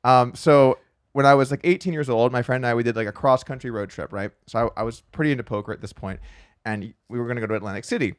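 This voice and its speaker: Fast-talking man, chatty storyteller. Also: mid-range voice, no room sound, clean studio sound. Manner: quick, chatty storyteller with frequent restarts and "like"; acts out quoted voices in his anecdotes. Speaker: podcast guest, professional poker player. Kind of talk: casual storytelling interview.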